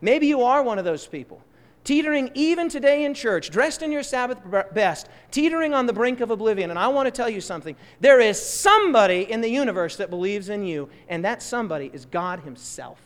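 A man preaching a sermon in a church, impassioned, swinging between loud emphatic bursts and soft, slow asides. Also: extremely high pitch, lively intonation, in a large hall.

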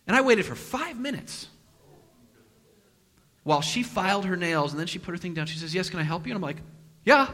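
A male pastor delivers a sermon woven with a personal story, acting out the quotes with sudden loud bursts and hushed asides. His voice sits a bit high and bright, rising and falling widely. The sound carries the long reverb of a large hall. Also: sing-song, quick pace.

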